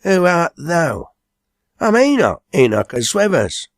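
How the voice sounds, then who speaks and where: A man doing an excitable young village lad in a storybook, loud and eager in broad Lancashire dialect. The voice is pitched well above the reader's own, bright and pushy, in a dry, close room. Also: takes it slowly, no room sound, full character voice.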